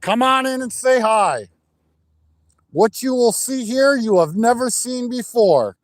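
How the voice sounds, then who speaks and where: A man, his voice sitting high for a man, talks slowly and cheerfully to his live chat. He greets viewers by name while standing out on a frozen lake. The sound comes from a phone mic out in the open wind. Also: expressive, no room sound. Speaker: livestream host. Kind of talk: casual live-stream chat. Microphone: phone mic without plugged-in mic, wind noise.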